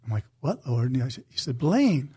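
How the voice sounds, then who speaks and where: A man's voice: mid-range voice, sing-song, dark tone, slightly rough. Earnest man giving a faith testimony. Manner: earnest, emotional, slows for emphasis. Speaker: co-host of a Christian talk show. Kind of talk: personal testimony in faith talk.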